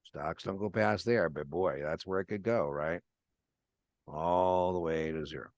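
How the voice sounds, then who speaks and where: Man, low voice, exam prep instructor, conversational lecture, dry sound. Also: a little slow, a little mellow, no room sound. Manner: conversational, acts out client phone calls with students' names. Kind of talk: live online class lecture.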